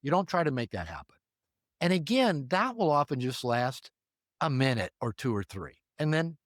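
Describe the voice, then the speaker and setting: In studio-quality audio with no room sound, an older man, a relationship therapist, shares casual advice in an interview. His mid-range voice moves at a normal speed as he animatedly plays out brief exchanges using different voices.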